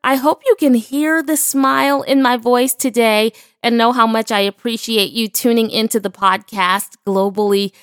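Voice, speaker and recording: A woman's voice: on the high side, fairly even intonation, moderate pace, few pauses, smooth, no room sound, clean studio sound. Exuberant woman preaching on a podcast. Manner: exuberant, praise-filled, emphatic. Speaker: podcast host and ministry founder. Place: studio.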